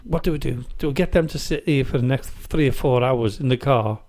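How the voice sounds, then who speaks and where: Man telling a story with mellow warmth. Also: medium pitch, fairly quick. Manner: animated anecdote-teller, acts out quoted voices, laughs easily. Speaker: podcast host. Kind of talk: casual storytelling chat. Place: studio.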